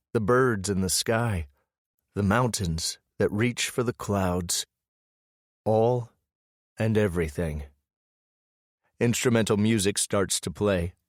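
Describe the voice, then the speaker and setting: A man reads a romance audiobook in the first person, slow and measured. His voice is low and intimate. It is recorded close and dry. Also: no echo. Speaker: audiobook narrator.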